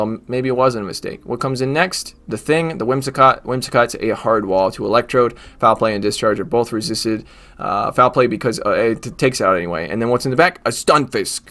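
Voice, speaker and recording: A man's voice: medium pitch, fairly bright tone. A man giving casual gameplay commentary over his battles, joking and trash-talking the opponents' creatures. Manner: joking, mock trash talk at the game. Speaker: gaming YouTuber.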